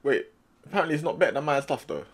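A young man giving excitable, slang-heavy let's-play commentary, swinging between muttering and loud outbursts. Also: fairly high pitch, rapid-fire, breathy edge. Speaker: gaming streamer.

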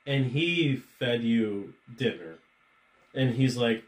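A man's voice: mid-range voice, slow pace. A man chatting as a podcast co-host, spinning goofy hypothetical scenarios and laughing often. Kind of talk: casual chat. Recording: echoey room.

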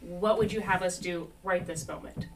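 A woman voicing a practical, diplomatic woman adventurer in a tabletop game, speaking calmly and politely. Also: on the low side, normal speed, soft background music, natural voice. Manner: calm, reasoning, polite. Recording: distant mic with faint noise.

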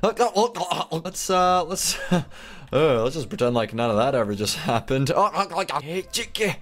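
A young man giving excited game commentary, narrating each move with gasps, laughs and chatter to his viewers. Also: fairly high pitch, normal speed. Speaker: gaming YouTuber.

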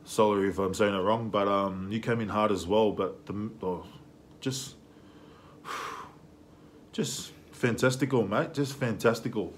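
A man's voice: fairly low pitch, a little slow, slight background noise. A young man hosting a music reaction video, talking casually and with enthusiasm, full of slang and fillers.

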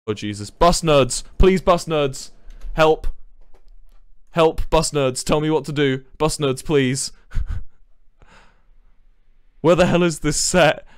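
A young man, commentating a live game stream in a flustered, excitable way, swearing and laughing. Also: on the high side, slow, pauses often, smooth, dry recording, clean studio sound. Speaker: livestreamer.

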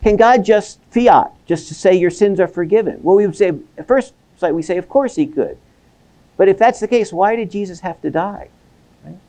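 Animated man giving a seminary lecture. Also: high-pitched, a little fast. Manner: animated, acts out quoted voices, repeats words. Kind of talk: academic lecture. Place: lecture hall.

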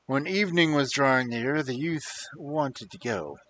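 Expressive man reading a fairy tale. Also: medium pitch, a little slow, rough recording. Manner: expressive, dry wry asides. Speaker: storyteller.

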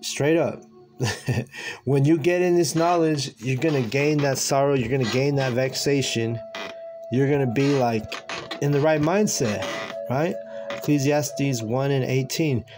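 Man, mid-pitch, casual slangy preacher, rambling delivery, faint music underneath. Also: a little slow. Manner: loose and conversational, slangy, with many restarts and filler words. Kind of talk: casual scripture teaching.

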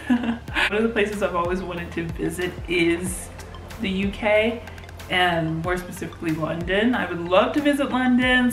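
A woman's voice: mid-range voice, a bit bright. A young woman vlogging casually, chatty and giggly with lots of fillers. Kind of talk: casual vlog chat. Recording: roomy echo.

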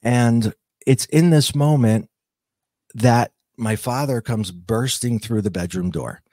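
A man's voice: mid-range voice, takes it slowly, dark tone, no room sound, clean studio sound. A man telling his own near-death story as a podcast guest, earnest and reflective, stopping and restarting as he searches for words. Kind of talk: personal storytelling.

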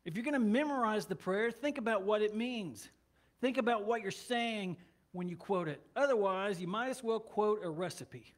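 A man's voice: sits high, normal speed. A man preaching a sermon as pastor of a church, talking in a conversational way with joking asides.

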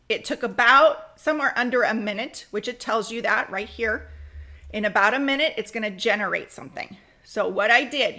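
Bright-voiced woman giving a software tutorial. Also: on the high side. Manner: chatty, speeds up when excited; practical, direct advice. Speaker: crafting software tutorial host. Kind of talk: screen-recorded software tutorial.

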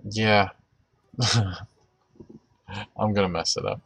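Low gravelly man, prayer and chat. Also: steady tone, a bit bright, no echo. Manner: halting, many fillers and restarts. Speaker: livestream host. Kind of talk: closing prayer and live chat with viewers.

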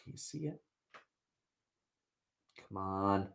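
A man's voice: low-pitched, expressive, takes it slowly, vocal fry, fairly bright tone. A man hosting a podcast, ranting bluntly and profanely in a casual livestream. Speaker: podcast host.

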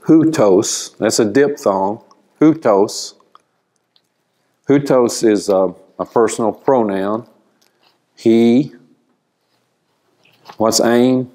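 A man teaching a church Bible class, explaining slowly and asking the class questions. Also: medium pitch, mellow.

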